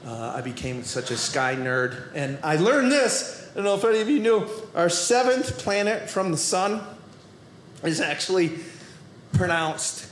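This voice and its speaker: A Boston stand-up comic with a very high voice performs a comedy routine on a club stage before a live audience, the sound roomy and faintly hissy or humming. His unhurried, animated, playful delivery mixes shouted asides with sudden quiet drops.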